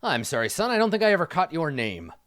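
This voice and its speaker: A man playing a stern old male skeleton army commander who speaks in a gruff, measured, probing way. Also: on the high side, very animated, fairly bright tone, pitched above the performer's own voice.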